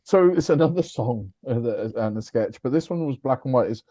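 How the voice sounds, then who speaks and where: A man's voice: mid-range voice, lively intonation, a little fast, warm tone, dry recording. A man co-hosting a podcast, introducing items in a matter-of-fact way. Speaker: podcast co-host. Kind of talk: casual podcast chat.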